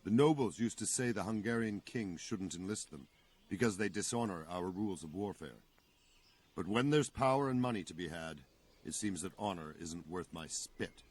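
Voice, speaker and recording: Husky, grave medieval knight. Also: male voice, sits low, lively intonation, normal speed. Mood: cynical. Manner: grave, cynical storytelling. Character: weary medieval knight, male, middle-aged.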